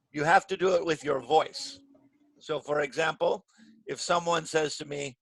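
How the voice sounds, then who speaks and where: A man teaching an English grammar class over a video call, speaking clearly and patiently and stressing the words he models. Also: fairly high pitch, fairly bright tone. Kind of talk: online grammar lesson. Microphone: computer mic on a video call.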